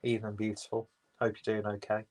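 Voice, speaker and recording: A man's voice: lowish voice, completely flat delivery, a little fast, a little mellow, rough recording. A man with an English accent, hosting a casual livestream and reading viewers' comments aloud, rambling and swearing freely. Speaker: livestream host reading chat.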